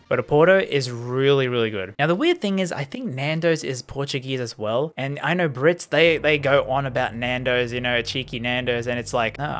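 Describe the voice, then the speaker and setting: A man's voice: mid-range voice, a bit bright. Chatty Australian man rambling casually. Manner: rambling, chatty, chuckles often. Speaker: content creator. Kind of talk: casual ranking vlog.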